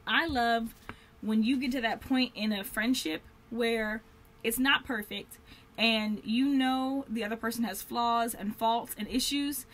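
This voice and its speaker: Bright-voiced woman in a heartfelt vlog. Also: on the high side, steady tone, a little slow. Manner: earnest, heartfelt, rambling with many fillers. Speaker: vlogger. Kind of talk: candid faith-based vlog talk.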